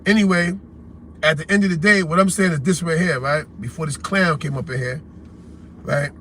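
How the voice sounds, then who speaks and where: A man's voice: fairly high pitch, normal speed, sharp tone, slight background noise. A man with a New York accent hosting a call-in livestream, talking bluntly and confrontationally in street slang. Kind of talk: heated casual livestream rant.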